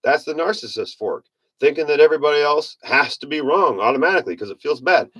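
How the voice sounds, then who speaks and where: A man's voice: fairly high pitch, animated, fast talker, a bit bright, husky. A man giving a casual motivational monologue in a rambling, folksy manner, often correcting himself. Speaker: self-help speaker.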